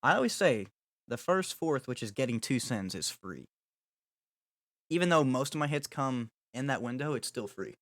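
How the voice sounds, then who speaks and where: A man's voice: mid-range voice, expressive, normal speed, fairly bright tone, no echo, clean studio sound. Young man streaming, joking with chat. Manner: joking, dramatic mock apologies to chat. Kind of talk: casual livestream chat while gaming.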